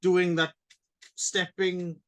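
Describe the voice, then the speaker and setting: A man's voice: sits high, level tone, very slow. A man co-hosting a casual film podcast, musing thoughtfully with hesitant restarts. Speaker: podcast co-host.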